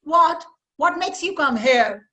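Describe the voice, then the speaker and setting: A woman's voice: high voice, normal speed, sharp tone. A woman voicing a grumpy, stubborn male sun in a children's story, speaking curtly and refusing. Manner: curt, refusing.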